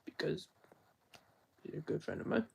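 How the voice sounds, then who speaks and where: A young man talking earnestly and at length on a live stream, often stopping to correct himself. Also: moderate pace. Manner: earnest, rambling, self-correcting. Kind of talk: unscripted live-stream monologue.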